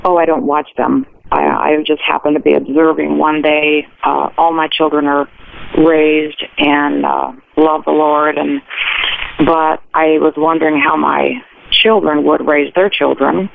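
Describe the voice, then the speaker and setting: A woman's voice: low voice, flat delivery, measured pace, gravelly. An older woman calling in to a radio show, chattily telling a long rambling story about her family. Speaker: caller. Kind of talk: phone-in call. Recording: tinny phone line with faint hiss.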